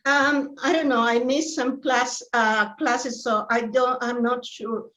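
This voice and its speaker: A woman's voice: a little high, fairly even intonation, slow, a bit bright, rough recording. A female rabbi whose first language is not English, hesitant and questioning in a video-call study group. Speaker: rabbi, participant.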